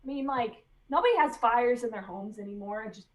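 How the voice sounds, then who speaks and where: A woman's voice: on the high side, a little fast, recorded from a distance, natural voice. A woman playing a grumbling Santa afraid of chimneys, muttering to himself on a video call.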